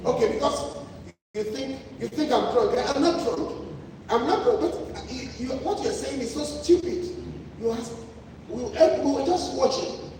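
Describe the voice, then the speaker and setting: A man's voice: extremely high pitch, a little slow, a little mellow. A man preaching a sermon, emphatic and repetitive, often restarting his phrases. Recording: echoey hall from far off, noisy.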